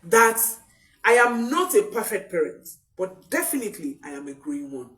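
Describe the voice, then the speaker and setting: Lively woman parenting coach, distant mic. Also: mid-range voice, normal speed. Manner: expressive, repeats key phrases for emphasis. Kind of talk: motivational parenting talk.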